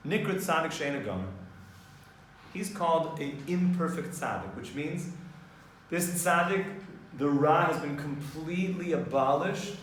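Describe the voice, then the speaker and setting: A man teaching a Torah class, explaining in a lively way and mixing in Hebrew terms. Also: a little high, a little slow, slight background noise. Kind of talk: informal class lecture. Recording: echoey room, distant mic, faint ambience.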